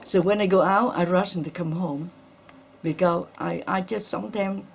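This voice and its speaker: A middle-aged woman speaking in halting, non-native English, giving earnest and shaken testimony in an interview. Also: fairly low pitch, fairly even intonation, vocal fry, a little hiss or hum. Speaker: interviewee, attack survivor. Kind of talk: emotional personal testimony.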